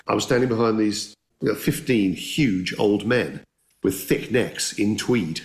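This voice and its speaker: A man's voice: on the low side, measured pace. A man telling anecdotes as an interview guest, enthusiastic and conversational, often restarting his sentences. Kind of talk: anecdotal storytelling.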